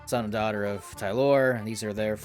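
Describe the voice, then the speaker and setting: A man voicing a harried male guild leader who keeps the peace with pleading, swearing shouts. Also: lowish voice, steady tone, brisk, soft background music, pitched below the performer's own voice, lightly acted. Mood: casual.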